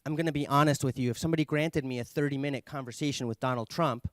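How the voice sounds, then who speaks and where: A man giving an earnest conference talk, explaining ideas and telling a story with pauses and fillers. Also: medium pitch, dry recording. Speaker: conference speaker.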